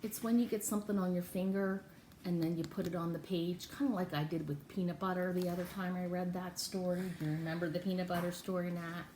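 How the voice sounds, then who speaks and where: A woman reading a picture book aloud to children, playful and animated, with sing-song exclamations. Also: fairly low pitch, quick pace. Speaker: children's storyteller. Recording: echoey room with faint background noise.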